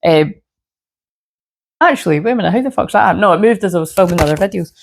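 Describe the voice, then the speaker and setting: Gravelly-voiced woman, sore-throated. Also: lowish voice, animated, fast talker, slight background noise. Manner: rambling, chatty, swears freely, many "you know what I mean". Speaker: shamanic healer and spiritual reader. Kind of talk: casual spiritual reading monologue to camera.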